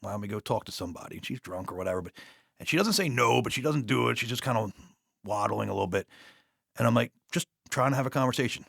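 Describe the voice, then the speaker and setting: Fast-talking gravelly man telling cop stories. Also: medium pitch, no room sound, clean studio sound. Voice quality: profane, rambling, animated retelling with quoted dialogue. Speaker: podcast guest, police officer. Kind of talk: casual storytelling. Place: podcast studio.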